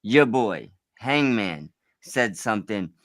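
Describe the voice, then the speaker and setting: A man co-hosting a casual podcast chat, excitable and rambling, often restarting his sentences. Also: lowish voice, slow pace, no room sound, clean studio sound.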